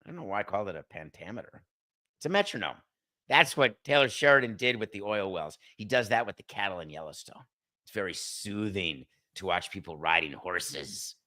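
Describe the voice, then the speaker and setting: Male podcast host, middle-aged, blunt solo commentary, bright and punchy tone. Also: lowish voice, animated, brisk. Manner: blunt, sarcastic, talks straight to a producer. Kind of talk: opinionated solo sports and TV commentary.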